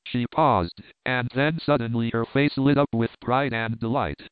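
A man's voice: mid-range voice, unhurried, hardly any pauses, dry recording. Man narrating a story over a tinny line. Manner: steady, clear storytelling. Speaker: audiobook reader. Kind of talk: scripted narration. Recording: dry tinny phone-like sound.

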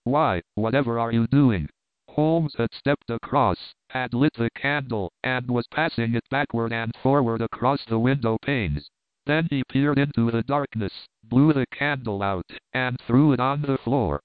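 A man narrates a classic story in a steady, clear way. His voice is smooth and resonant, but the recording is dry and thin like a phone line. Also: medium pitch, a little slow, no echo. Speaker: audiobook reader. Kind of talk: scripted narration. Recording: dry tinny phone-like sound.

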